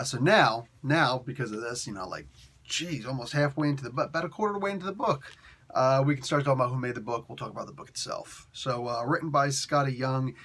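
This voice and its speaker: A man's voice: a little high, a bit bright. A man giving a blunt, exasperated comic book review, rambling with restarts and asides. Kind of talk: casual spoken review.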